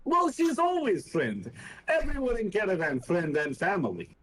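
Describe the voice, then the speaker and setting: A man's voice: high voice, wildly swooping pitch, moderate pace, a bit bright, heavily acted, poor audio. A man voicing a blunt, simple-spoken male warrior who talks proudly in broken English, as a player in a tabletop game.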